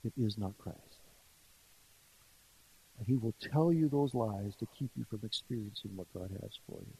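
A man preaching an earnest sermon, swinging between quiet, intimate passages and louder emphasis. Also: on the low side, lively intonation, moderate pace, gravelly, slightly rough, poor audio. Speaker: pastor.

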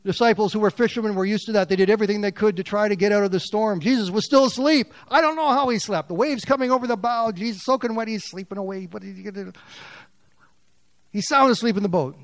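Man preaching, from loud bursts to hushes. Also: fast talker, no room sound. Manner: swings from loud, high bursts to hushed, near-whispered lines. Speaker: pastor. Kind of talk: sermon.

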